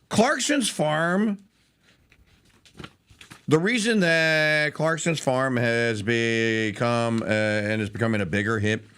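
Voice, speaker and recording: A man hosting a talk show, ranting in an animated, rambling way with asides. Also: mid-range voice, clear, resonant tone. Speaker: talk radio host.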